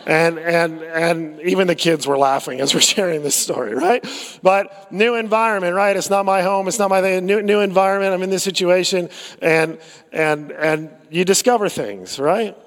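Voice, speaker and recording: A man's voice: high-pitched, moderate pace. A man preaching a sermon, conversational and full of stories, with frequent fillers and repeated words. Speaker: pastor. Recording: long hall reverb.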